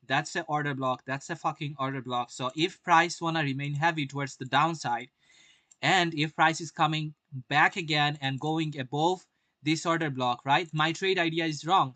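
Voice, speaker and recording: A man's voice: a little high, bright, forceful tone, no room sound. Brash young man streaming trade commentary. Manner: brash, swears often, asks viewers rhetorical questions. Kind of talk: live-stream market commentary.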